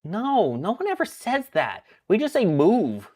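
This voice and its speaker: A New Jersey man with a New York-area accent hosts a casual livestream chat, joking around as he reads out what viewers have ordered. His high, darkish voice swings hugely in pitch at an unhurried pace, with a little hiss or hum in the audio.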